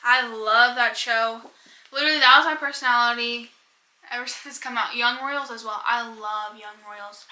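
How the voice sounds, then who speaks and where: A woman's voice: on the high side, fairly even intonation, normal speed, bright, forceful tone, echoey room, rough recording. A young woman chatting casually about books on a vlog, rambling and giggling as she goes. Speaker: book vlogger. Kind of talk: casual chat.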